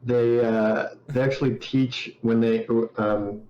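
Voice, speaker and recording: A man's voice: mid-range voice, fairly even intonation, takes it slowly, a little mellow. Laid-back Canadian man on a roomy call. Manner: laid-back, laughs easily, rambling anecdotes. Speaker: game developer guest. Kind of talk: casual video call chat. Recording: roomy, slightly dull sound with faint noise.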